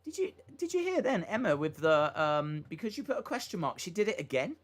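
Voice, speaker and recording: A man's voice: high voice, very animated, fairly quick, few pauses. A man hosting a live reaction stream, chatting casually and rambling with fillers and asides between moments of commentary.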